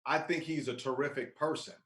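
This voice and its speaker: A man co-hosting a casual sports podcast, speaking in a laid-back, calm and measured way. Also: mid-range voice. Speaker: podcast co-host. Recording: roomy echo.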